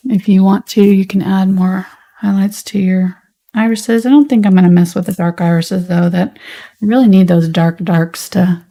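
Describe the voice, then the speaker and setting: Gravelly, mellow-voiced painting teacher woman. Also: medium pitch, normal speed. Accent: Southern US. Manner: relaxed, chatty, thinking aloud while painting. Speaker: painting instructor. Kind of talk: live painting tutorial.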